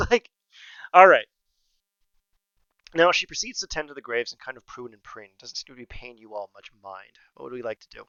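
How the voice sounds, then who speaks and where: A man runs a tabletop game, narrating scenes in a loose, jokey way. His voice is smooth and crisp. The recording is dry and slightly dull. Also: mid-range voice, expressive, quick pace, hardly any pauses, sharp tone, dry recording. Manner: laughs often, loose and jokey. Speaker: game master.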